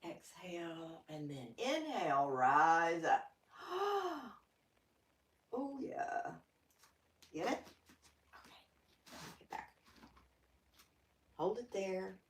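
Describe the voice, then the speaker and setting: Folksy older Southern yoga teacher, slow and lively-pitched, roomy distant sound. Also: female voice. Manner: folksy, chatty, playful asides. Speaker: yoga instructor. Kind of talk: guided yoga class.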